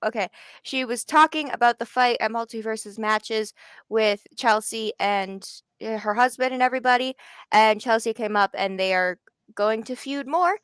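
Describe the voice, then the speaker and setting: A woman's voice: fairly high pitch, a bit bright, clean tone, no room sound. A woman from Canada co-hosting a live wrestling watch party, chatting with dry asides. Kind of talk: casual chat.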